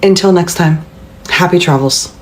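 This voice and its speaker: A woman with a notably low voice recounts a trip as a travel vlogger. She speaks hesitantly and reflectively, with an apologetic tone. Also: normal speed, rough recording. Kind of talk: personal travel story.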